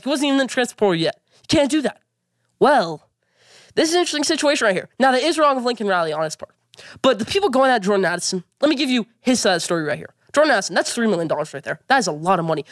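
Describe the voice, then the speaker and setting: A man's voice: high-pitched, a bit bright, no room sound, clean studio sound. A man hosting a sports opinion vlog, delivering emphatic, opinionated takes and repeating his points. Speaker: sports show host.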